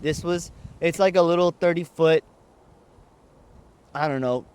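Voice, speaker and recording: A man's voice: on the high side, a little slow, darkish tone, clear, resonant tone. A man from Texas telling a story casually, with wry, profane, laid-back humor.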